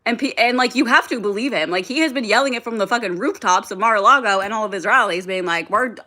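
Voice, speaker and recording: Bright-voiced young woman ranting casually on a livestream. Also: mid-range voice, fast. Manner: rambling, heavy filler "like", frequent swearing, reads and answers chat. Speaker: livestream host.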